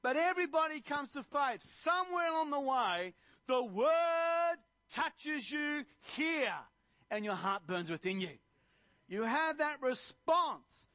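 A man's voice: very high-pitched, lively intonation, slow, pushed and bright. A male preacher giving an impassioned sermon that rises to emphatic proclamations.

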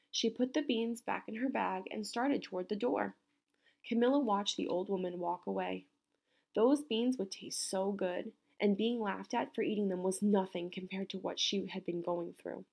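Teacher lady reading a storybook out loud to kids, expressive, kinda gravelly voice. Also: mid-range voice, normal speed. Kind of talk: reading a picture book aloud.

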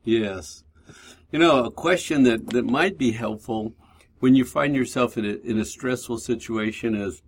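A man's voice: medium pitch, measured pace, a little hiss or hum. A man hosting a faith-based recovery radio talk show, reflective and talking through his inner thoughts aloud.

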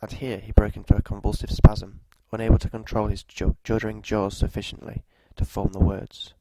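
Male narrator, dark and mellow tone, flat and measured, for a scripted story read. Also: lowish voice, poor audio.

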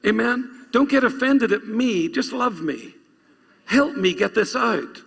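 A man's voice: very high-pitched, lively intonation, takes it slowly, creaky, fairly bright tone, slightly rough. A male pastor preaching a sermon, reading scripture aloud and urging the congregation to repeat lines after him. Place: church. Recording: long reverb of a church hall.

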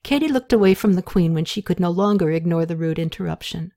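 A woman narrating a historical novel as an audiobook in calm, even storytelling. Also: fairly low pitch, a little fast, creaky, few pauses.

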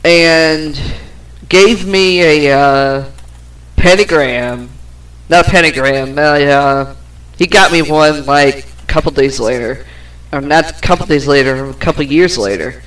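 Rough audio captures a podcast host telling a personal anecdote in a loose, profanity-heavy way, full of fillers and laughs. She talks at a measured pace in a low voice with a touch of brightness.

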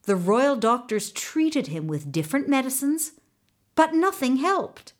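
A woman tells a folktale aloud, pacing her words slowly and deliberately. Her pitch is fairly high and rises and falls expressively across each sentence. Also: sing-song. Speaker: storyteller. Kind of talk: folktale storytelling.

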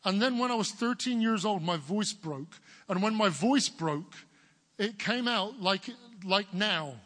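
A man in his forties from England with a big booming voice, preaching an earnest sermon as pastor. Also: animated, a little slow, fairly bright tone, in a large hall. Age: 40s. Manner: earnest, building to emphatic declarations.

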